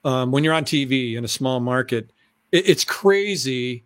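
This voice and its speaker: A middle-aged man, a former TV announcer and weatherman, telling stories as an interview guest, animated and often clearing his throat. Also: normal speed, no room sound, clean studio sound. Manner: animated, acts out excited voices in a high pitch. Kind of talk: conversational storytelling.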